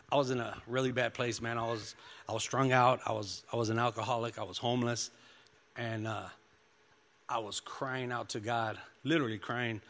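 A man's voice: medium pitch, a bit bright. A man preaching a sermon, mixing scripture reading with personal testimony, in an easygoing style full of "you know" and "man.". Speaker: pastor. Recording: long hall reverb.

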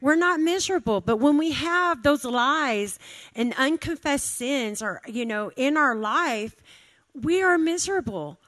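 A woman's voice: high voice, expressive, measured pace, a bit bright. A woman in her thirties giving an informal sermon, conversational, repeating phrases for emphasis. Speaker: church speaker.

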